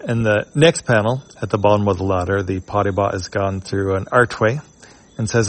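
A man's voice: on the low side, moderate pace, dry recording. A man reading a webcomic aloud panel by panel in a casual way, with frequent fillers. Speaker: comic reader.

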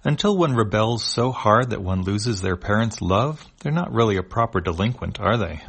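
A man's voice: lowish voice, animated, moderate pace, a bit bright, slightly rough, exaggerated voice. A man voicing a condescending worm-like alien in a read-aloud comic, mock-polite and needling. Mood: smug.

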